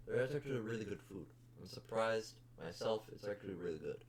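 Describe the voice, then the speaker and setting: Young man, lowish voice, blunt and profane, casual podcast rant. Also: animated, brisk. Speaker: podcast host.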